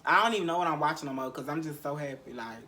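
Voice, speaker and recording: Bright-voiced man telling a raw story. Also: fairly high pitch, racing, slight background noise. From Memphis, Tennessee. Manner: profane, repetitive, heavy sighs, emotional recounting. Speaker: podcast host. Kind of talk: candid storytelling monologue.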